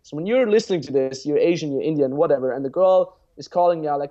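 A man's voice: fairly high pitch, quick pace, mellow. Blunt young man on a muffled line. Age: 20s. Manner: blunt and profane, freely acts out example lines. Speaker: guest dating coach. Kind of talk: casual podcast chat.

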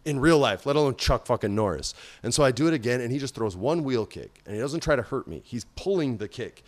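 A man telling a long story in casual talk, animated and swearing freely, jumping loud and high whenever he quotes someone. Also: quick pace, no room sound. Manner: animated, swings loud and high when quoting people. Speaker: podcast guest.

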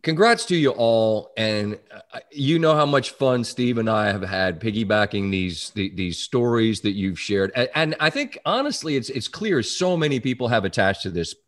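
A man's voice: medium pitch, lively intonation, moderate pace, a bit bright. A man hosting a podcast in casual chat, teasing his guest and openly sentimental. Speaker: podcast host.

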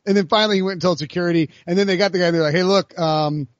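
A man co-hosting a sports podcast in casual chat, rambling and animated with many restarts. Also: high voice, racing, dry recording, lo-fi sound. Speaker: podcast co-host.

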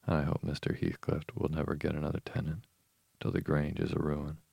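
A man reading the lines of a sharp-tongued young mistress of the house. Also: extremely low pitch, completely flat delivery, fairly quick, gravelly, breathy edge, no room sound, exaggerated voice. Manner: sharp, cutting.

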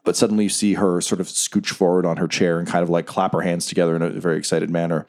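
Man, game master, tabletop narration, fairly low voice. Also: level tone, fast, a little mellow.

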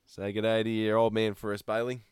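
A man's voice: fairly low pitch, little pitch movement, brisk, clear, resonant tone, no room sound, studio quality. A man co-hosting a podcast who swears casually, laughs a lot and reads listener tweets. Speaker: podcast co-host. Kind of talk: casual chat, reading tweets.

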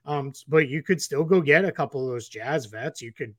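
A man's voice: a little high, a little fast, no room sound, studio quality. A man co-hosting a casual basketball podcast, rambling with restarts and fillers. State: getting the hiccups. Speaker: podcast co-host analyst.

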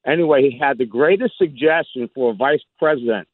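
A man's voice: mid-range voice, fairly quick, slightly rough, dry recording. A man calling a radio talk show, telling a story in a chatty way. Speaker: caller. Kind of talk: phone-in chat. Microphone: phone. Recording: tinny phone line.

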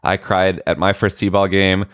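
A man's voice: deep voice, unhurried, clear, resonant tone, no echo, studio quality. A man in his late thirties, a podcast co-host, telling a family story in casual chat and acting out the quotes. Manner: animated storytelling, acts out quotes.

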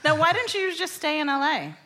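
A woman hosting a live radio interview in a relaxed, playful way. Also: high voice, fairly quick, slight background noise. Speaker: radio show host.

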